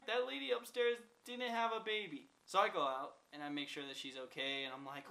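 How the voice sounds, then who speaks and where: A young man with a fairly high voice rambling through a casual storytime vlog. He swears freely and leans on "like" constantly, with a loose, offhand delivery. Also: normal speed, pushed and bright, low-quality recording. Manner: profane, rambling, lots of "like" fillers. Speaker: vlogger.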